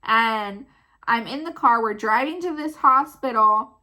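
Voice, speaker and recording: A mother vlogging, retelling a story in a casual, animated way full of "like". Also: on the high side, a little slow. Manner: animated, filler-heavy retelling with many "like"s.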